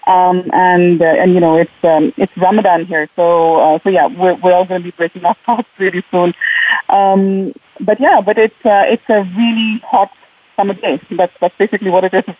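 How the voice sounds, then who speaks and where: A woman's voice: on the low side, fairly even intonation, moderate pace, no echo. Woman guest on a tinny call line. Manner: laughs often, many fillers. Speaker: remote guest. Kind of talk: casual interview chat. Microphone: remote call.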